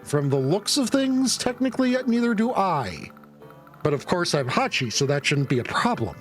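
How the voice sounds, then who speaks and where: Chatty male streamer, higher voice. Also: big pitch swings, normal speed. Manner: chatty, rambling asides. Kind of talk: casual gameplay commentary. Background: game music.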